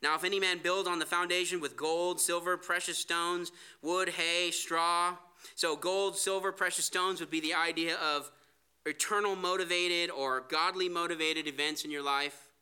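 A man's voice: high-pitched, fairly even intonation, normal speed, sharp tone, clean tone. A man preaching a sermon, earnest, reading scripture aloud. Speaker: pastor.

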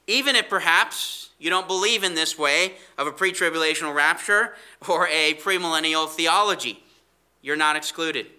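Male preacher, bright ringing voice on the high side, leans hard on scripture with slow emphatic stresses. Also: clear, resonant tone. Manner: asks rhetorical questions. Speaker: Bible teacher. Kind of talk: expository sermon.

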